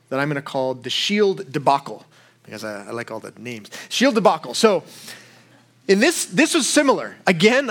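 A man's voice: high voice, a bit bright. A young adult man giving a sermon in a conversational style, voicing quoted lines with a lifted voice. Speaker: pastor.

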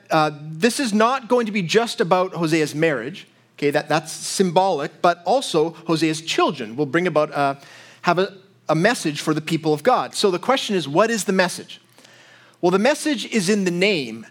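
A man's voice: high-pitched, expressive, normal speed. A man preaching a sermon as pastor, teaching in a conversational way with frequent asides to his listeners.

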